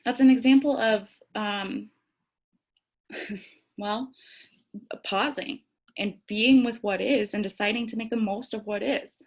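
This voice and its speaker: Speaking slowly and pausing often, a young woman with a fairly high voice shares candid thoughts on tarot and self-care to camera. It's a reflective, conversational spiritual talk, and now and then she laughs at herself.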